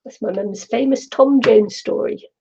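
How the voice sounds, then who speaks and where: A middle-aged woman from the UK chats her way through a craft project, rambling warmly with frequent laughs. Her voice is mellow and gravelly, and she takes her time. The recording sounds slightly muffled. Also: on the high side, a little slow, slight background noise. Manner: chatty and rambling, laughs often. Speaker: craft vlogger. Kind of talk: casual chat while crafting.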